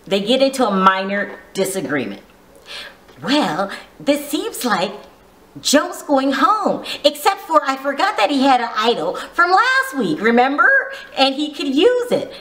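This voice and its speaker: A woman's voice: high-pitched, very animated, measured pace, fairly bright tone, reverberant. A woman giving a casual, gossipy recap of a reality show, teasing and full of asides. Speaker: vlogger reviewing a reality show.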